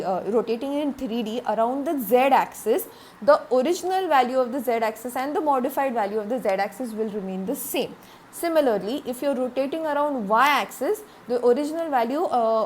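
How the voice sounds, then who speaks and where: A woman's voice: a little high, darkish tone, slight background noise. A woman giving a recorded classroom lecture, explaining step by step, repeating points, with frequent "okay" and "uh".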